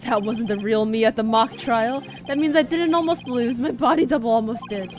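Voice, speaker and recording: A woman's voice: on the high side, normal speed, natural voice. A woman voicing an arrogant male killer in a video game, speaking grandly and theatrically. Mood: boastful.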